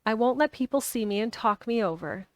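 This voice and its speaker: A woman's voice: a little high, lively intonation, a little fast, no room sound, natural voice. A woman reading aloud, voicing a sickly, fretful young boy who is bedridden and gloomy, in a complaining tone.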